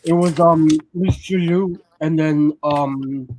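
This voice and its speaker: Male co-host, fairly high voice, loose chatty delivery, lots of fillers. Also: steady tone, takes it slowly, darkish tone, slight background noise. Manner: rambling, many ums and restarts. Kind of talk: casual chat.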